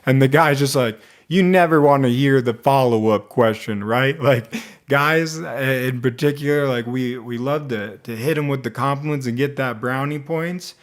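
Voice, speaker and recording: A man vlogging a casual movie review, rambling and animated, with a lot of restarts. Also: medium pitch, moderate pace. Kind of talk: casual one-take commentary.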